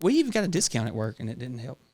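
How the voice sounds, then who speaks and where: A man, co-hosting a casual podcast and ranting with constant profanity and animated retellings. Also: medium pitch, very fast. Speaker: podcast co-host. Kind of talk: casual chat.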